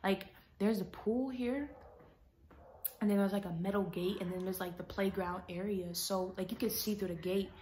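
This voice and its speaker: Animated young woman telling a story. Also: medium pitch, moderate pace, a little hiss or hum. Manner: animated, dramatic, slipping into hushed whispers; chatty, addresses viewers as y'all. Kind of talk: casual storytelling vlog.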